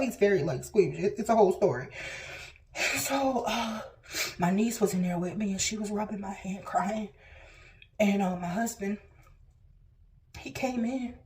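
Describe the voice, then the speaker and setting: A woman vlogger telling a personal story to camera, emotional and at times tearful, acting out what people said with big swings in her voice. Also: darkish tone. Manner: emotional, acts out quotes with big pitch jumps.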